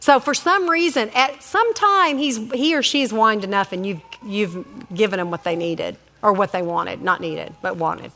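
A middle-aged woman telling faith-based stories about family in a casual, animated way, acting out voices and adding many asides. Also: medium pitch, normal speed, few pauses, long reverb tail. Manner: animated, acts out quoted voices, lots of asides.

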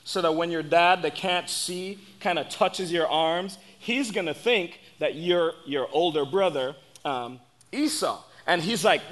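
Preaching a sermon, a man retells a Bible story in casual language, animatedly acting out each character. He speaks earnestly and directly to his listeners. His voice sits high and moves a little slowly.

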